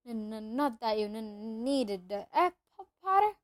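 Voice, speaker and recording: A woman reading aloud, voicing a nervous, pale young male teacher who stammers and drags his words out slowly. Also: a little high, big pitch swings, no echo. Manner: stammering, hesitant, slow.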